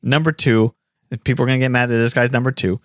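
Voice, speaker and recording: A middle-aged man co-hosting a casual comedy podcast, making wry deadpan jokes. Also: mid-range voice, fast talker, no echo, clean studio sound. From Los Angeles area. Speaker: podcast co-host.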